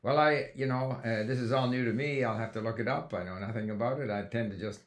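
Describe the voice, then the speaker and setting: A man speaking quietly and casually, saying he picks things up by ear. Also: medium pitch, fast. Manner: quiet, casual, admits he improvises. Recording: echoey room.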